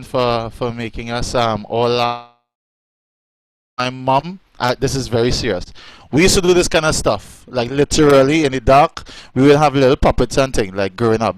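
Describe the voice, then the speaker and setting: A man hosting a live show, chatty, effusive and quick to laugh. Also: mid-range voice, smooth, no echo. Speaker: host.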